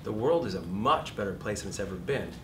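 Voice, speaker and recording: A middle-aged man teaching an acting class in a lively, profane manner, acting out shouted examples. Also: a little fast. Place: classroom or studio. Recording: distant room recording with background rumble.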